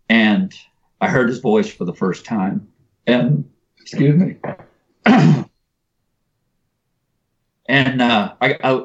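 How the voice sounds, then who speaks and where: A man with a somewhat low voice tells a personal story in an earnest, conversational way. He fills his talk with casual asides. The recording sounds a little muffled and lo-fi. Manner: earnest, conversational, uses "you know" and "man". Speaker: podcast guest.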